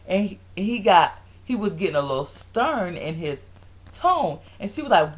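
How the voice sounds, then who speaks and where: A woman's voice: medium pitch, moderate pace. A woman giving a casual vlog recap, acting out quotes in different voices. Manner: animated storytelling, acting out quotes in different voices, frequent laughs. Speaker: vlogger reviewing a reality show.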